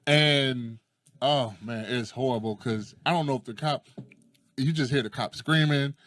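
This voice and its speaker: In a casual chat, a man with a medium-pitched voice tells energetic stories at a slightly slow pace, acting out quotes and swearing freely.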